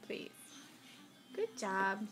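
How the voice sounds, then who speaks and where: A young mother filming at home, patiently coaxing her toddlers to repeat words in a slow, sing-song way. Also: mid-range voice, sing-song, a bit bright, faint music behind. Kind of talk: home video, coaxing small children.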